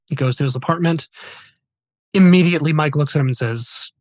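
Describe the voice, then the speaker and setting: Mężczyzna, poważnie opowiadający historię, suchy dźwięk. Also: male voice, on the high side, a little fast, no room sound. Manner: earnest, somber retelling with quoted dialogue. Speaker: podcast host. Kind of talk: storytelling podcast narration.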